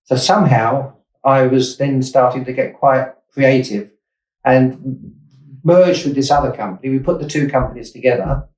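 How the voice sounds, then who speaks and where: A man's voice: mid-range voice, normal speed, a little mellow. A man in his sixties, a startup investor from Essex, England, recalling his early career in a rambling interview story full of asides and self-corrections. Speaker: investor and startup founder, guest. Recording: roomy, distant mic.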